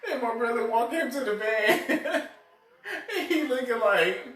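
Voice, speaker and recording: A man's voice: extremely high pitch, a little slow, crowd noise. A man telling funny family stories in casual chat and laughing often as he talks. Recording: echoey room, mic far off, faint noise.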